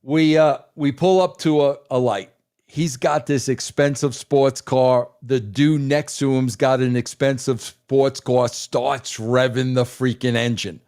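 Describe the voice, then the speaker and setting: A man telling a story on a talk podcast, excitable and emphatic, always addressing the host as "bro". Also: mid-range voice, a little slow, smooth. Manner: excitable, swears for emphasis, keeps saying "bro". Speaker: guest.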